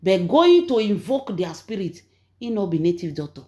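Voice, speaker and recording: A Nigerian woman hosting her own channel, telling gossip in an emphatic, preachy way that swings between loud and soft. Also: medium pitch, sing-song, normal speed. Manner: emphatic, preachy, rising and falling in loudness. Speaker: channel host and gossip storyteller. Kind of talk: animated gossip commentary.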